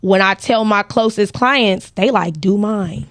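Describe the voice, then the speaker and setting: A woman's voice: mid-range voice, a little slow, no room sound. A woman tells a story in casual podcast talk, acting out the lines of other people. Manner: animated, acts out quoted dialogue. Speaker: guest, credit repair business owner.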